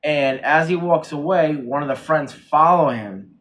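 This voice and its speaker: A man's voice: a little high, a little slow, fairly bright tone. A man co-hosting a casual horror movie review, retelling scenes in a rambling way and acting out the characters' lines. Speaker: podcast co-host.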